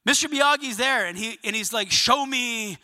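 A man delivers a sermon in a high, very bright voice, spinning an animated story and tossing questions out to his congregation. The sound rings with the long reverb of a large hall. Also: fairly quick. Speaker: pastor.

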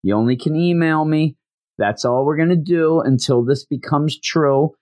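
A man voicing a composed teenage girl who speaks in gentle, measured promises. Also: on the high side, lightly acted.

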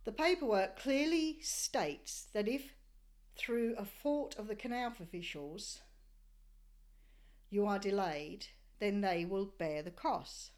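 This is scripted travel narration of a sailing voyage, read by a woman from Australia. Her medium-pitched voice is a little mellow, and her storytelling is measured and descriptive.

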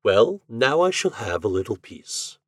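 A man's voice: medium pitch, big pitch swings, measured pace, no room sound, clean studio sound. A man voicing a theatrical, courtly male ghost who returns to his forgotten love. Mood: jaunty. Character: wry, jaunty male ghost of a dead lover.

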